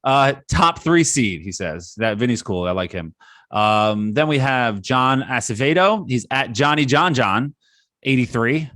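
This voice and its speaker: Relaxed male podcast host, dry sound. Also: mid-range voice, unhurried, no echo. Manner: relaxed, laughs often, reads out listener tweets. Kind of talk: casual chat.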